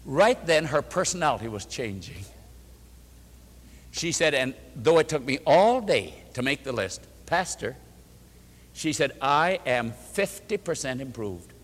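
A man's voice: medium pitch, sing-song, a little slow, fairly bright tone. Older man preaching in an echoing hall. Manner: emphatic, repeats phrases for rhythm, acts out quoted speech. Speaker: pastor. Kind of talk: sermon with storytelling. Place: church or meeting hall before an audience. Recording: hall with long reverb.

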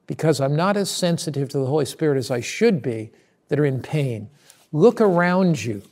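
Man, pastor, earnest sermon-style preview, gravelly, a bit high. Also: darkish tone. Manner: earnest, retells a personal story with quoted dialogue; repeats words when restarting.

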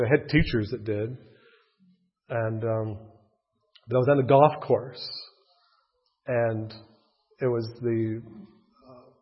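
Husky man telling a rambling story. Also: medium pitch. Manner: rambling, animated storytelling with restarts. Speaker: speaker telling his faith story. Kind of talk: personal storytelling talk. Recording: dull lo-fi recording.

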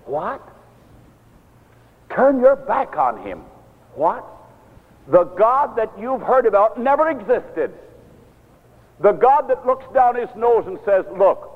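An older man preaching a sermon as a minister, animated, sometimes stern, often acting out what others say. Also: on the high side, husky. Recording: tinny phone-like sound in a large reverberant hall.

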